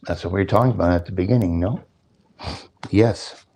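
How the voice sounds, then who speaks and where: An older man preaches briskly at a temple in a low, gravelly, darkish voice. Between explaining scripture, chanting verses, and questioning his audience, he drops in jokes and chuckles.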